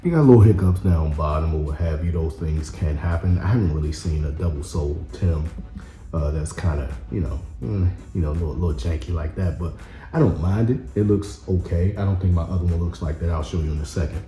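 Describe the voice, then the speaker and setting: A man casually reviewing sneakers on camera, relaxed and rambling with many fillers. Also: deep voice, fairly quick, roomy sound, soft background music. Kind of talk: casual product review vlog. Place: indoor room with camera. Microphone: camera mic.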